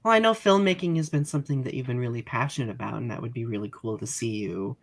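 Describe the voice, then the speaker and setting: A chatty man hosts a casual podcast from home over a video call. He laughs easily and lets sentences trail off. His voice sits at an ordinary middle pitch. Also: quick pace. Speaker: podcast host. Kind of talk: casual chat.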